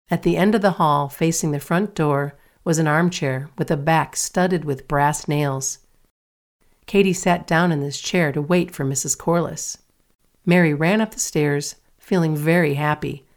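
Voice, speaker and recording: A woman narrating a children's story aloud in a steady, clear reading voice. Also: deep voice. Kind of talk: audiobook reading.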